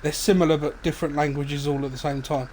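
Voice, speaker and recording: A man talks through his farm game in a relaxed, meandering way, leaning on ums and uhs as he goes. His voice sits a touch higher than most men's. Faint birdsong and outdoor ambience drift underneath. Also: fast, a little hiss or hum. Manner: relaxed, rambling, many fillers. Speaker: gaming streamer. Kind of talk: casual let's-play commentary.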